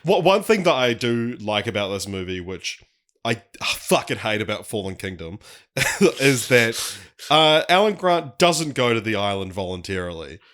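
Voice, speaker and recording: A man with a fairly low voice chats about films on a podcast. He laughs a lot and acts out quotes to land a joke, and his tone stays easygoing. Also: sing-song, normal speed, a bit bright. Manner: laughing often, telling jokes by acting out quotes. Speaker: podcast co-host. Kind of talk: casual film-discussion podcast chat.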